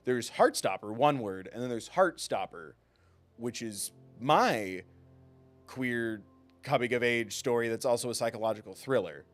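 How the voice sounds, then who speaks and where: A man's voice: medium pitch, normal speed, faint music behind. A man streaming a video game live, chatting with his viewers in a playful, self-mocking way and laughing often. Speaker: gaming streamer. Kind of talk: casual live-stream commentary.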